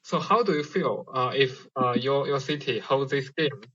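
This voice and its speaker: A caller from China asks questions slowly, filling gaps with uh. The mid-range voice sounds bright, but the call audio is dull and muffled. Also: mid-range voice, husky. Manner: hesitant, many fillers.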